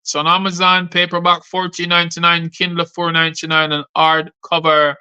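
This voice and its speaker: Give me a man hosting a poetry show, with a rhythmic delivery and a sharp, bright voice. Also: on the high side, completely flat delivery, a little fast, hardly any pauses, clear, resonant tone. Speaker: poet and show host. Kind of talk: performance poetry recital.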